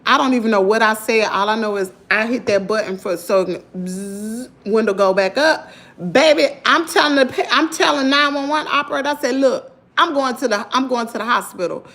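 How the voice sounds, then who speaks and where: A Southern-accented woman in her thirties tells her viewers a story in a lively, emphatic way. Her voice sits high and sounds bright. She keeps turning to the audience with casual asides. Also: normal speed. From Mississippi. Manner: animated, emphatic, addresses viewers as y'all. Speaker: vlogger.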